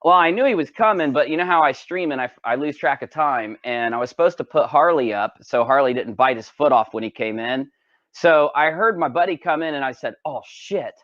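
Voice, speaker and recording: A man's voice: a little high, expressive, a little fast, fairly bright tone, dry recording. A man live-streaming from home, chatting casually and rambling, swearing freely and talking to his cat between remarks. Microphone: desk microphone. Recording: dull lo-fi dry home mic.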